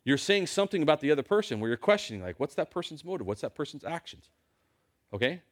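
A man's voice: a little high, sing-song, fast talker. A man preaching a sermon in a church, talking to his congregation in a conversational way with lots of rhetorical questions.

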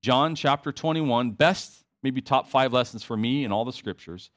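A man's voice: mid-range voice, normal speed. A man preaching a sermon to his congregation, conversational with emphatic repetition and asides. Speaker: pastor.

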